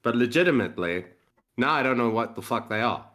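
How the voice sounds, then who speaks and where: A man's voice: medium pitch, lively intonation, fairly quick, a bit bright. A man co-hosting a casual reaction podcast, thinking aloud, restarting his sentences and swearing in confusion. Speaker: podcast co-host.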